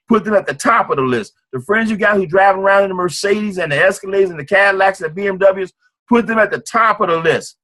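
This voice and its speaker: A man leads a motivational business meeting with an emphatic, repetitive drive that recalls a preacher. His voice sits a touch higher than most men's. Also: a bit bright. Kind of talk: motivational sales presentation.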